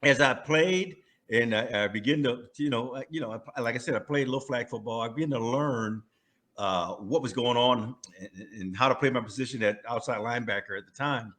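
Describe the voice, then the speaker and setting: A Californian former pro football player in his sixties shares stories in a casual interview, speaking briskly in a mid-range voice. He's animated, often restarting his sentences and chuckling.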